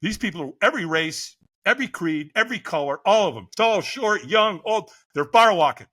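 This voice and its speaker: A middle-aged man with a high, bright voice tells his story as a podcast guest, his pitch swooping up and down. He acts out what people said and laughs easily as he goes. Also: a little fast. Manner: animated, vivid storyteller who acts out quotes and laughs often. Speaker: guest, fire captain.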